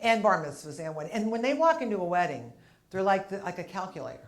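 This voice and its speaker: A woman's voice: fairly low pitch, very animated, fast. A middle-aged woman doing a stand-up routine, telling stories and acting out characters with big exclamations. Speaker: stand-up comedian.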